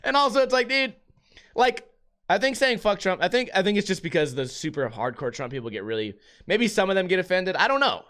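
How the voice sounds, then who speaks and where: Animated profane young man telling stories. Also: sits high, a little fast. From United States. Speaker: vlog host. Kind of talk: casual chat.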